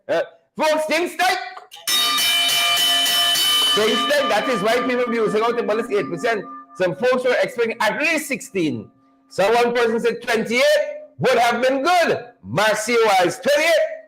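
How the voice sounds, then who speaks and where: A man hosts a live online show, calling out viewers by name and riffing with playful repetition. His voice sits high and swoops widely as he talks. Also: rough recording. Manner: animated, repetitive, joking banter. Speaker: livestream show host. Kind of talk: lively live-stream chat greeting viewers.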